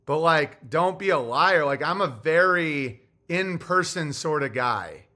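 Forceful, profane male podcast ranter. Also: a little high, expressive, slow pace. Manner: profane, heated storytelling. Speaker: podcast host. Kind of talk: casual ranting monologue.

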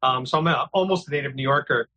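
Man, interview guest, from New York City, bright tense tone, slightly husky, earnest and matter-of-fact. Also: mid-range voice, fast talker, low-quality recording. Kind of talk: casual interview talk.

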